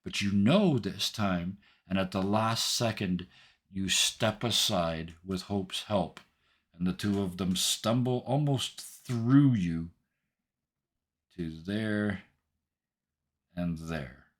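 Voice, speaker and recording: Low-voiced guy gm'ing a tabletop game, lots of uh and right?. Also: slow pace. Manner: rambling with frequent fillers and "right?". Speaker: game master.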